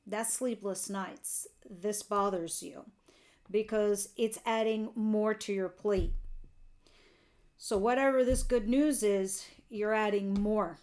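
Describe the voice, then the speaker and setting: A woman talks through a tarot reading in a relaxed, chatty way. She is candid and quick to laugh, and she drops in the occasional casual curse. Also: medium pitch. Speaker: tarot reader.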